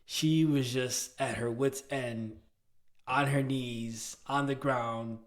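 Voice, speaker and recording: This podcast co-host has a mid-range voice and talks slowly. It's casual chat, and his stories come out animated and slangy, packed with fillers and restarts.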